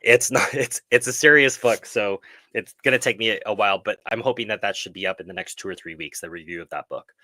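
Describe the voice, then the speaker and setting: A man's voice: lowish voice, quick pace, bright, forceful tone, dry recording. A man hosting a film club live stream, talking earnestly and reflectively and often correcting himself mid-sentence. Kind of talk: casual live stream discussion.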